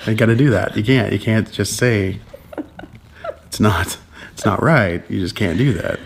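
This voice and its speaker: Young guy on a vlog, lowish voice a bit rough from allergies, dry jokey banter. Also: moderate pace, a little hiss or hum. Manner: dry, self-mocking banter. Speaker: vlog co-host. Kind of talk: casual chat.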